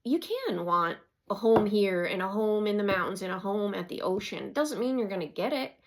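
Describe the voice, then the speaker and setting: Casting: a gravelly woman in her fifties, a chatty oracle card reader. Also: medium pitch, expressive, normal speed, hardly any pauses. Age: 50s. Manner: reads card text aloud then rambles about it. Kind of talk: casual oracle card reading.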